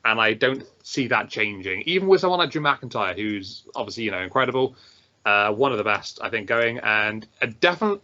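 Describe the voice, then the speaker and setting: A man's voice: on the low side, pushed and bright. A man hosting a casual wrestling prediction chat, hesitant and often correcting himself. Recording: dull lo-fi sound.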